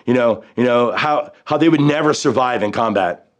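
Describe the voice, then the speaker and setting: A military veteran in his fifties telling his own story in a halting, reflective way, often pausing on "you know" and restarting his sentences. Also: mid-range voice. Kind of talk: personal storytelling.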